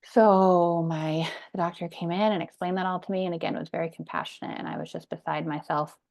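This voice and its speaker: A woman's voice: fairly low pitch, fairly even intonation, fairly quick, a little mellow. A woman in her thirties, a podcast guest, telling her personal story in an earnest, emphatic way. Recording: dull lo-fi sound.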